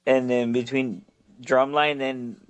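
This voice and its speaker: A man with a smooth, resonant voice talks slowly and hesitantly. He is from Southern California and answers an interview question in a dry, close-sounding take. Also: mid-range voice, level tone, no room sound. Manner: hesitant, with ums.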